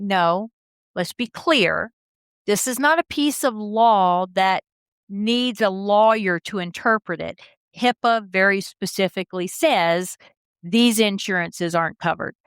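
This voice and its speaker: A woman's voice: mid-range voice, a bit bright, no room sound. Chatty woman co-host, dry close sound. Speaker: podcast co-host. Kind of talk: casual podcast chat.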